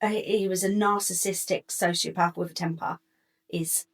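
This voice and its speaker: A woman's voice: on the low side, moderate pace. Woman, guest on a chat show, tells her story openly, does the voices of people she quotes. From England. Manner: animated, acts out other people's lines. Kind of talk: candid personal storytelling.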